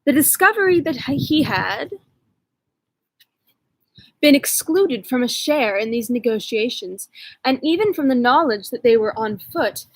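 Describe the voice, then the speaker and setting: Husky woman reading a classic novel. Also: sits high, animated, a little slow, pauses often, no echo, low-quality recording. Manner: chatty asides to her dog. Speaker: audiobook reader.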